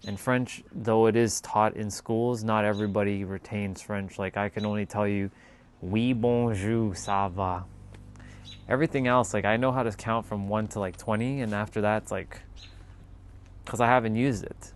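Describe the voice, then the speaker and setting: A man telling a casual, animated story in a monologue, swearing freely and acting out the people in it with quoted voices. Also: on the low side, moderate pace, clear, resonant tone. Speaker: spiritual talk host.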